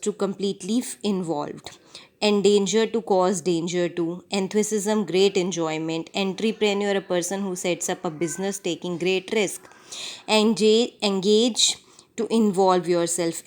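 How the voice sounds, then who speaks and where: A woman teacher with an Indian English accent reads a vocabulary list word by word, giving short definitions and slipping into Hindi to explain. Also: mid-range voice. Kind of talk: reading vocabulary lesson aloud.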